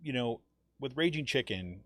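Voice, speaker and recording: A man's voice: medium pitch, animated, moderate pace, a bit bright, dry recording, studio quality. A man hosting a political podcast, talking casually and rambling, full of "you know" and "right?" fillers. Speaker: podcast host.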